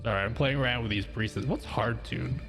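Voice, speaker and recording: This live streamer speaks fairly quickly in a mid-range, slightly bright voice, chatting with viewers in a relaxed, rambling way and laughing often. Faint background music accompanies his studio mic, routed through an audio mixer.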